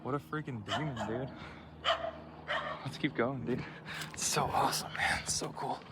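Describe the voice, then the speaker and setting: A man's voice: mid-range voice, normal speed. A man filming a casual vlog while hiking an outdoor trail, talking in a rambling, laid-back way with lots of slang. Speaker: vlogger. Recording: noisy outdoor recording.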